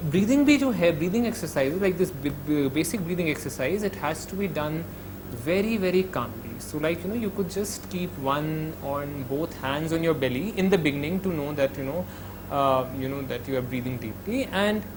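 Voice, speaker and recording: There's background noise as a man with an Indian accent and a slightly high voice talks to students. He's a psychologist giving advice conversationally, sprinkling in Hindi and filling pauses with "you know," and he slows his speech to show how calm breathing works.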